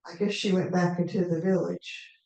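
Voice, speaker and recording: A woman storyteller telling a tale in the first person as a character, in an unhurried, conversational way with asides to the audience. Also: fairly low pitch, fairly even intonation, dark tone, lo-fi sound. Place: live performance venue. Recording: echoey hall, mic far off.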